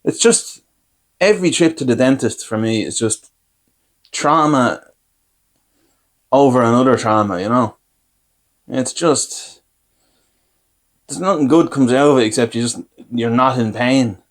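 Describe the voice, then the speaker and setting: Here an Irish podcaster, his voice at an average male pitch, recounts his own mishaps at a measured pace broken by long pauses. The comic storytelling is loose and rambling, full of self-mockery and quotes he acts out.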